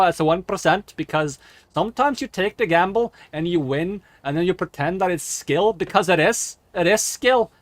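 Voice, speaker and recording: Cocky foul-mouthed ghost hunter guy bragging loud, as a man puts on an accent. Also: fairly high pitch, no echo, voice pushed up, lightly acted. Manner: boastful, profane and loud. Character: brash cursing male ghost hunter, boastful. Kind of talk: gaming stream commentary.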